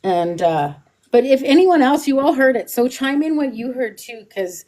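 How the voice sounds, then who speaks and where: A woman's voice: high voice, expressive, moderate pace, dark tone. A woman on a political panel, talking casually and animatedly over a video call.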